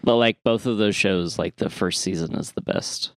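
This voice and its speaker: A man's voice: sits low, moderate pace. A man co-hosting a podcast in casual chat, laid-back with lots of fillers. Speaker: podcast co-host.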